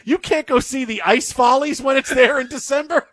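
High-voiced rambling male host. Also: moderate pace. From Detroit area. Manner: animated, rambling, repeats himself. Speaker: sports radio host. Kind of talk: casual banter.

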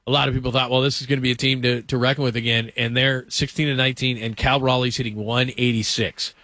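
A man's voice: mid-range voice, little pitch movement, fast talker, pushed and bright, dry recording. A man hosting a sports talk show, chatting casually and quizzing his co-host.

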